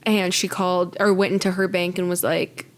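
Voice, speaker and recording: A woman's voice: lowish voice, level tone, normal speed. A woman co-hosting a podcast, reacting and joking in casual chat. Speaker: podcast co-host.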